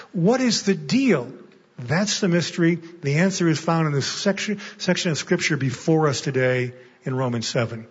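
A man's voice: a little high, slightly rough. A man preaching a sermon as a guest speaker in a church, emphatic, often repeating a word as he starts a thought. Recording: muffled echoey church hall.

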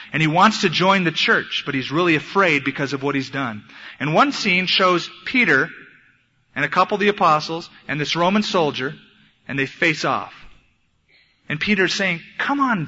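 A man's voice: a little high, bright, forceful tone. A young adult man preaching a sermon in an earnest, emphatic, storytelling way, in an echoey hall on a dull lo-fi recording. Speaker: pastor.

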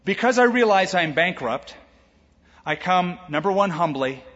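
A man pastor preaching a sermon, lively, acting out quoted voices with humor. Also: high voice, measured pace. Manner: animated, acts out quoted voices with jokes. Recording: echoey hall, dull lo-fi sound.

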